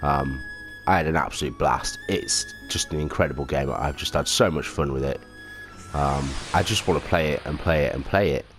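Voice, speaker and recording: A man's voice: very deep voice, normal speed. A man hosting a casual let's play at home, rambling and self-mocking with lots of ums. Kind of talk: casual gameplay commentary. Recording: game music underneath.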